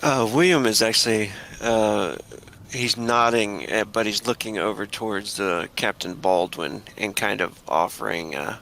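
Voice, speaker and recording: A man describing his character's actions in a tabletop game, pausing often with fillers. His fairly low voice is bright and gravelly. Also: slight background noise. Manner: hesitant, many fillers. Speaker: player.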